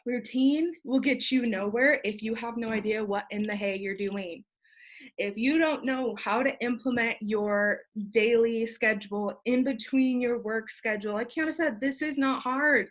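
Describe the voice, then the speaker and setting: A woman's voice: fairly high pitch, a little slow. A young woman, feverish, giving a rambling, fired-up motivational talk to her sales team, joking and swearing casually. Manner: fired-up, rambling, profane and jokey, with asides and laughs. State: sweaty and feverish. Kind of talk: motivational live video talk.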